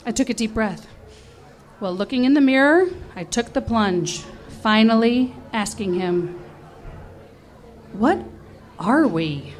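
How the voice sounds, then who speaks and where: A middle-aged woman telling a personal story on stage in an animated, emotional, self-mocking way. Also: a little high, normal speed.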